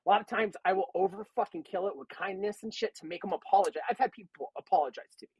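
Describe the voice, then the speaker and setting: A man's voice: high-pitched, quick pace, darkish tone, husky, dry recording, dull audio. A man on a podcast, telling a work story in a casual, rambling way and swearing a lot. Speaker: podcast co-host.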